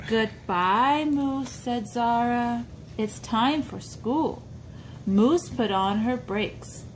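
A woman's voice: fairly high pitch, drawn-out words, very noisy. A woman reading a picture book aloud to a small child, coaxing and pointing things out with questions. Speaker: storybook reader for a child.

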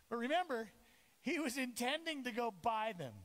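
A male pastor preaching a lively sermon to his congregation, acting out the voices of the disciples and Jesus. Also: very high-pitched, moderate pace. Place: church sanctuary. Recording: echoey church hall.

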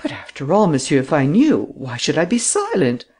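A frightened, evasive aristocratic official, read by a man whose fairly high voice turns defensive and blustering under questioning. He hurries through his denials and sounds unsettled throughout. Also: wildly swooping pitch, brisk, darkish tone.

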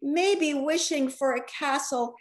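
A woman reading a storybook aloud, voicing a cheerful little girl who tells the story in an eager, expressive way. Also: high voice, takes it slowly, reverberant. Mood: chirpy.

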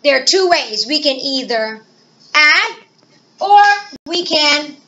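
A bright, high-pitched woman teaching a children's math lesson with playful energy. She asks questions aloud and answers them herself. The recording is a bit dull and lo-fi. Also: animated, slow.

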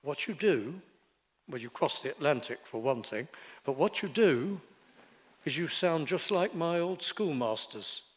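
Older pastor preaching slow and emphatic, slightly high voice, big echoey church hall. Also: male voice, expressive. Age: 70s. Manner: deliberate, emphatic preaching with short declarative lines. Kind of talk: sermon. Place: church sanctuary. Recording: long reverb in a large hall.

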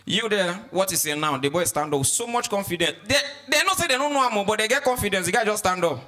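Loud bright Nigerian stand-up comedian. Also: male voice, high voice, fast talker. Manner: loud, animated storytelling with acted voices. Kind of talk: stand-up comedy in Pidgin English.

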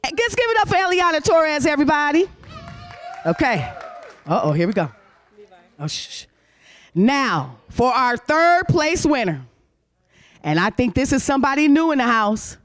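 A woman hosts a youth talent show, her voice sitting high. She is animated and cheering, calling names out loud as she waves each child up to collect an award. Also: normal speed, a faint crowd. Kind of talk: lively emcee handing out awards. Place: congregation hall.

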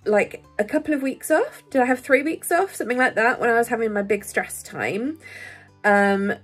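A woman's voice: on the high side, lively intonation, moderate pace, slightly rough, soft background music. A woman vlogging candidly, chatty and rambling, laughing often and easily moved. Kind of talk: candid personal vlog.

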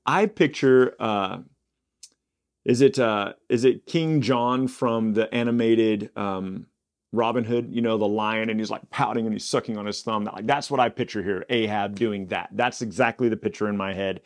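A man hosting a Bible study podcast, reading scripture aloud and breaking off into casual, animated asides. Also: fairly low pitch, normal speed. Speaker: Bible teacher.

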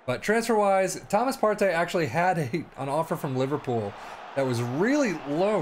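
A man's voice: on the high side, big pitch swings, moderate pace, noisy background. A man casually commenting on his own soccer management game, sarcastic and rambling, sometimes slipping into a mock announcer voice. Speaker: gaming commentator.

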